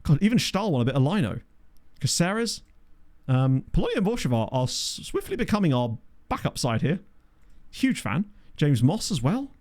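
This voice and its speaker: A man giving casual gameplay commentary from a home desk microphone, chatty and thinking aloud, often breaking into excited exclamations. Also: fairly high pitch, moderate pace. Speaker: game commentator.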